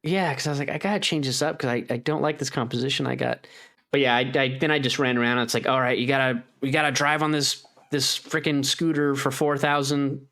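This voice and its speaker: A man's voice: medium pitch, fairly even intonation, brisk, a bit bright. A man co-hosting a gaming podcast in casual chat, rambling with lots of "like" and acting out his own reactions in a raised voice. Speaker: podcast co-host.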